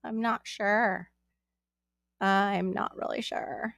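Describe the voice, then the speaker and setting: A chatty woman hosts a casual live stream from home, rambling from one thing to the next and greeting her viewers one by one. Her voice has a gravelly, creaky edge, and the sound is close and dry with no room echo. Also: mid-range voice, fairly even intonation, slow pace, fairly bright tone. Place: at home with her young son nearby.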